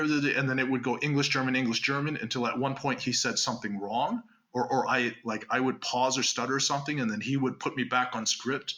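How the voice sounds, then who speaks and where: A man from Canada, chatting as a guest in an interview and spinning animated stories full of asides. His voice is very bright, with a middle pitch. He laughs easily between points. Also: fairly quick, hardly any pauses. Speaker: guest magician. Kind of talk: casual interview storytelling.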